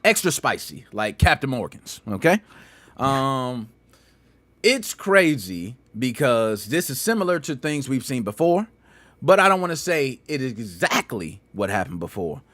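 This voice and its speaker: Male podcast host, slangy banter, very lively pitch, dry close sound. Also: measured pace, no room sound. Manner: animated, slangy banter with frequent laughs. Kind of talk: casual gaming podcast chat.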